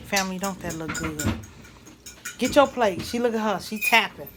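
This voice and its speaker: A woman, chatting loudly with her viewers in a casual home cooking vlog, laughing and cursing freely. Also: medium pitch, moderate pace, heavy background noise. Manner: loud, laughing, swears freely, talks to viewers. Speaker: mukbang vlogger. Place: home kitchen.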